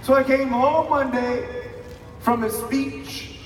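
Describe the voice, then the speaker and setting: A man in his thirties giving an emphatic motivational speech to a live audience, calling for responses and shouting key lines. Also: very high-pitched, steady tone, slow, faint music behind. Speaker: motivational speaker. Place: large hall with a live audience. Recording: echoey hall, distant mic, crowd noise.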